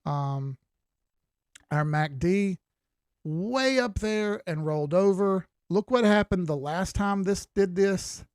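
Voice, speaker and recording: Commenting casually on crypto charts during a live stream, a worn-out man yawns, repeats phrases and talks in a folksy, conversational way. He has a high, smooth, slightly mellow voice with lively intonation and a slow pace, recorded dry in studio quality.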